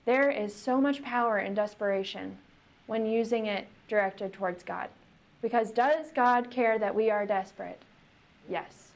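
A woman's voice: mid-range voice, measured pace, gravelly. A woman pastor giving a conversational sermon, often asking the congregation questions.

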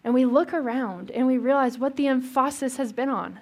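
Talking a little fast, a woman pastor preaches in an easygoing, conversational style. Her voice sits slightly higher than most, and she mixes questions for the audience with small jokes.

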